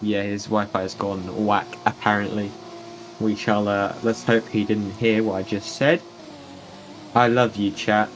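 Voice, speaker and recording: A man's voice: on the low side, little pitch movement, measured pace, slight background noise, poor audio. A man, commentating a sim racing stream in a casual, joking manner. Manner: joking, playful, chatty with chat.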